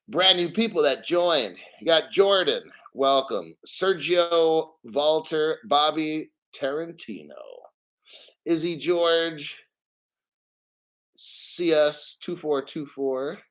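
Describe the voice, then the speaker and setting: A man's voice: on the high side, fairly bright tone. A man hosting a casual crypto livestream, rambling and swearing as he reads out viewer names and chat.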